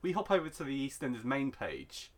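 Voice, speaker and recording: A man's voice: mid-range voice, wildly swooping pitch. Sarcastic man hosting a podcast. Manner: brisk, mock-serious, sarcastic. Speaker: podcast host. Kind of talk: casual podcast chat.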